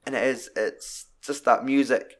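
A man's voice: medium pitch, measured pace. Sweary man in casual film chat. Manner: sweary, rambling, animated retelling.

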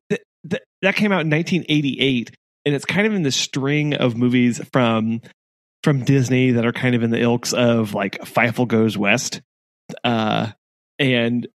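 A man's voice: mid-range voice, dry recording. A man co-hosting a podcast, chatting about movies in a playful, teasing way with small stumbles. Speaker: podcast co-host. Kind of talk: casual movie chat.

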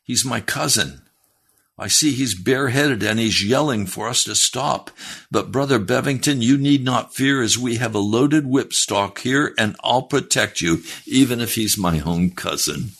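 A preacher voicing a protective farmer driving a wagon, earnest and reassuring. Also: male voice, medium pitch, measured pace, a bit bright, slightly rough, voice pushed up.

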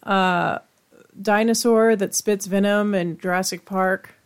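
A woman co-hosting a podcast in relaxed, casual chat, easily amused. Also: mid-range voice, slow, smooth. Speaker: podcast co-host.

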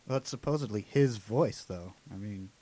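A man co-hosting a casual sports podcast, making wry, deadpan jokes. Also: fairly low pitch, moderate pace. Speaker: podcast co-host. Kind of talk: casual chat.

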